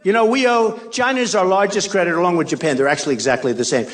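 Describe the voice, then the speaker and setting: An older man racing through a rally speech in a high voice: a political candidate in a large arena, boastful, repetitive, and given to mocking asides. In the background, a big arena crowd and ambience come through faintly.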